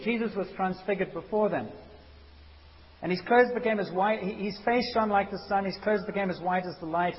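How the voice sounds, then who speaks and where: A man preaching a sermon as a pastor, animated and conversational, acting out quotes. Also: high-pitched. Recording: dull hissy recording in a reverberant hall.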